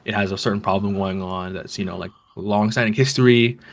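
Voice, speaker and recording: A man's voice: lowish voice, steady tone, a little fast. A man co-hosting a podcast, talking casually and rambling with lots of fillers and restarts. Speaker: podcast co-host.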